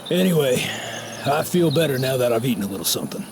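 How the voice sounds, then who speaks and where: A man's voice: mid-range voice, very animated, quick pace, vocal fry, background noise. An actor playing a protective, hot-tempered trucker who talks to the player in a fatherly, familiar way, from a video game. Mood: friendly. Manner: fatherly, calls the player young blood. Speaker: game character. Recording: game audio with music behind.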